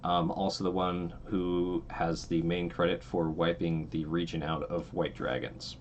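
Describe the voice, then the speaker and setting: A man running a tabletop game as game master, narrating scenes in a relaxed, meandering way with many fillers. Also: deep voice, unhurried, muffled recording, a little hiss or hum.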